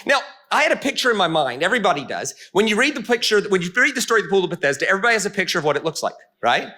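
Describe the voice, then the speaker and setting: A man preaching a storytelling sermon to a room of people. His high voice swoops widely as he jokes and punches his lines. The tone is bright and forceful. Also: racing. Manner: animated, comic, punchy. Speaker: pastor. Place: meeting room before an audience.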